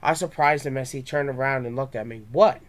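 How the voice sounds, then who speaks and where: A man's voice: medium pitch, steady tone, fast talker, a bit bright. A young man reading his own fan story aloud, with small stumbles and restarts.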